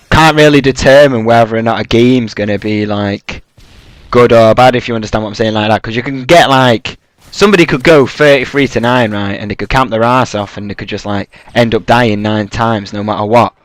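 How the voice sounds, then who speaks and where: A man's voice: mid-range voice, no echo. A young man giving casual, rambling gameplay commentary, swearing freely and leaning on fillers. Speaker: gaming YouTuber.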